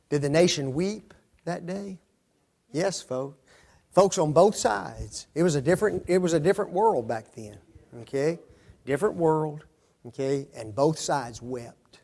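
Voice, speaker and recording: A high-pitched man leads a Bible study from the front, throwing questions at his listeners. He echoes their answers back and keeps checking in with "okay?" and "don't they?" as he teaches. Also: a little mellow. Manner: asks the class questions and repeats their answers; often tags lines with "okay?" and "don't they?". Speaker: preacher teaching a Bible class. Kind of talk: interactive Bible study sermon.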